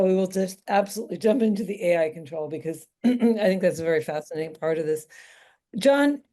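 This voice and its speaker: A woman moderating a panel, her voice going hoarse, so she keeps clearing her throat. Her tone is mellow and relaxed. She asks open, conversational questions. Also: medium pitch. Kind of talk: panel discussion.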